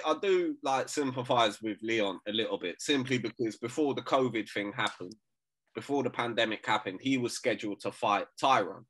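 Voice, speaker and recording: A man's voice: medium pitch, a bit bright. A man co-hosting a casual sports podcast, brash and joking, swearing freely and laughing often. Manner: brash, swearing, laughing, says "bruv" a lot. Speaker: podcast co-host.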